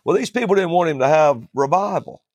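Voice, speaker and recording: A man who preaches, telling stories in a relaxed chat, often restarting his sentences and chuckling as he goes. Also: on the high side, brisk, dry recording, studio quality. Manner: rambling, starts over often, chuckles through stories. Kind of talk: storytelling in a casual panel chat.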